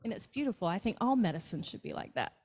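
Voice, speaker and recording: A woman's voice: on the low side, very animated, fast talker, gravelly, a little hiss or hum. A woman with a Southern US accent gives a talk to a club meeting. She tells stories about her hospice patients in an easy, conversational way and acts out what each person said. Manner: warm anecdotal storytelling with acted quotes. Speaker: hospice nurse speaker. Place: meeting room, hybrid meeting.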